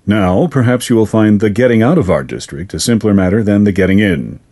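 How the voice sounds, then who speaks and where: Man playing a sinister fairy lord, formal, silky, low dark husky voice. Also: lively intonation. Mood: courteous menace. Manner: formal, measured, silkily polite. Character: smooth, courteous sinister male fairy lord.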